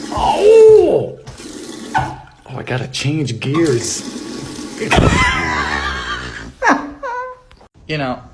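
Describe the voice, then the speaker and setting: A man's voice: a little high, fairly bright tone, husky. A man ranting to his phone camera, exasperated, profane and theatrical, often from inside his car. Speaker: comedy content creator. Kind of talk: comic rant to camera.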